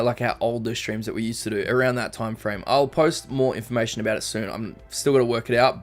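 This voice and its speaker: A young Australian man casually chatting on a live stream, rambling and reading chat messages aloud. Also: mid-range voice. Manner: rambling, reads chat aloud, frequent ums. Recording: faint background music.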